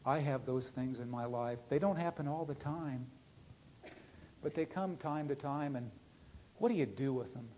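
An earnest man preaching, with a voice of ordinary middle pitch. He reads a moving story and talks plainly to his listeners, often letting his voice sink soft and low for weight. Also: moderate pace, slight background noise. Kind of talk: sermon with read-aloud story.

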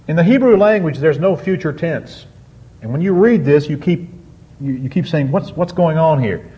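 A man preaching a sermon on a psalm, reading scripture slowly and drawing out key words with emphatic swings. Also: on the high side, animated, warm tone. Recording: dull lo-fi sound.

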